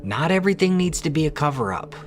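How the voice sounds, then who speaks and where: A man's voice: on the high side, very animated, quick pace. A man narrating trail cam clips in a scripted, conversational way with skeptical asides.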